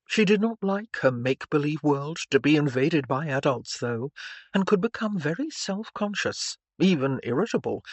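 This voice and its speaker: A man narrating an audiobook in a measured, even reading style. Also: fairly high pitch, no echo. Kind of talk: scripted narration.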